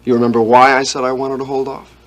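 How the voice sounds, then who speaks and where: Actor playing a smooth-talking schemer. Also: male voice, medium pitch, flat delivery, quick pace, a bit bright, lightly acted. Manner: coaxing, persuasive. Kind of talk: 1980s TV soap opera acting.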